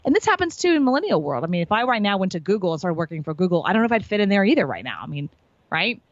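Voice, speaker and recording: A woman's voice: mid-range voice, big pitch swings, rapid-fire, no echo, dull audio. A woman sales and marketing coach telling her story in an interview, bubbly and emphatic, acting out what others said.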